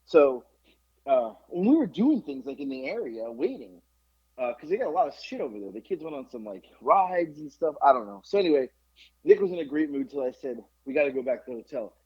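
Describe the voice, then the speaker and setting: A middle-aged man hosting a podcast, telling a story in casual chat, animated and profane with lots of fillers. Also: mid-range voice, brisk, husky. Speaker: podcast host. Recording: dull lo-fi podcast recording.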